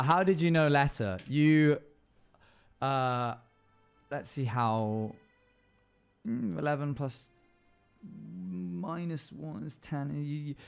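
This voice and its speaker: A man, running a tabletop game on a livestream as game master, narrating slowly and deliberately with casual asides to his chat. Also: medium pitch, creaky, clean tone.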